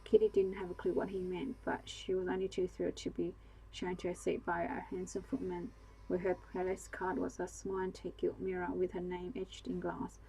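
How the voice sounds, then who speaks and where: A woman narrates a bedtime story calmly and steadily, her low, dark voice gravelly and husky with a flat, even melody. She reads at normal speed on a low-quality recording with slight background noise.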